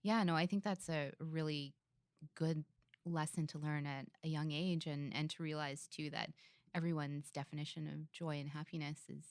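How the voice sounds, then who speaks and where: A woman with a notably low voice hosts an interview podcast, recorded dry and close with no room sound. She listens attentively and sums up her guest's career in a steady, conversational way. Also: moderate pace, no echo. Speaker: podcast host. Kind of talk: interview host.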